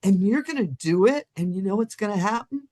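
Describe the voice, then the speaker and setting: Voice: medium pitch, animated, fairly quick, a little mellow. A co-host in a live-streamed spiritual discussion, talking bluntly and emphatically, with earthy swearing.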